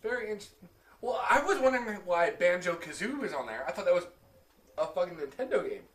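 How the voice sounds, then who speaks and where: High, lively tipsy man on a podcast. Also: fast. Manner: blunt, joking and heavy on profanity. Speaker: podcast co-host. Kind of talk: casual chat. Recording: echoey room, mic at a distance.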